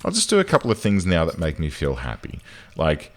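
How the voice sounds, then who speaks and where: Low-voiced man narrating his gameplay. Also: wildly swooping pitch, brisk. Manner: chatty, swings into loud exasperated outbursts. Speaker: gaming channel host. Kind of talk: casual gameplay commentary.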